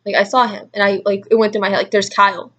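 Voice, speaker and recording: Speaking fast in a level, medium-pitched voice with a touch of brightness, this young adult woman rambles through a vlog story with constant "like" fillers. The audio is muffled.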